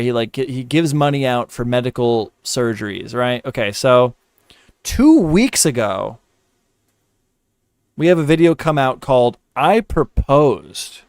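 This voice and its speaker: A man talks through a live commentary stream as he edits, muttering to himself and repeating words under his breath. He swears often out of frustration. The sound is dry and close, with no room echo. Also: mid-range voice. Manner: frustrated muttering and cursing while editing.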